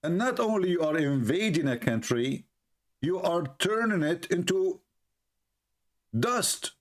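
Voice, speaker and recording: A man's voice: high voice, big pitch swings, a little slow. Sarcastic man hammering rhetorical questions. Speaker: livestream host. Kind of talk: mocking commentary on a played clip.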